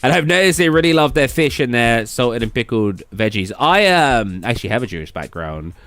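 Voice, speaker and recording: A man's voice: medium pitch, sing-song, a little fast, fairly bright tone. A young British man chatting casually with viewers on a late-night stream, rambling with lots of fillers and restarts and reading chat aloud.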